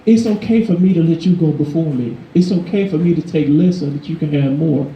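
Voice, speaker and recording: Guy preaching, talks to the room like a chat then pushes up high, pitch kinda up there, echoey dull church recording. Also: a little fast, a little hiss or hum. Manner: conversational, emphatic, rising in pitch for emphasis. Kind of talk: sermon.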